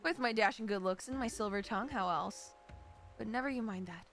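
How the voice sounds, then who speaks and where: A woman's voice: mid-range voice, brisk, fairly bright tone, faint music behind, natural voice. A woman doing a cocky British rogue. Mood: roguish. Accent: put-on British. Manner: jaunty, slangy, reading game dialogue aloud. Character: roguish smooth-talking male rogue, cocky charmer. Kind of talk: voicing game dialogue on stream.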